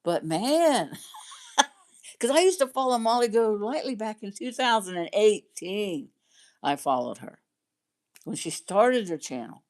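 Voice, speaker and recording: A woman's voice: medium pitch, sing-song, unhurried, pauses often, a little mellow. A middle-aged woman chatting casually on her livestream, rambling and laughing often. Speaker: livestream host chatting with viewers.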